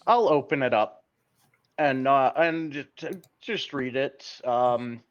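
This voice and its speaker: A man playing a tabletop role-playing game, describing his character's moves in a halting way. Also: medium pitch, lo-fi sound. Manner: halting, restarts a lot, laughs often. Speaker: player.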